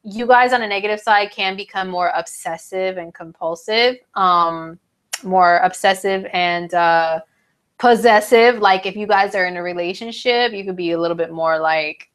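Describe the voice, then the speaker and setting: A woman talks through astrology to her viewers in a loose, chatty way, full of slang and fillers. Her voice sits at a middling pitch and sounds a little stuffy from her sinuses. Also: normal speed, fairly bright tone, smooth. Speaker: astrology video host. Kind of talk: casual talk to camera.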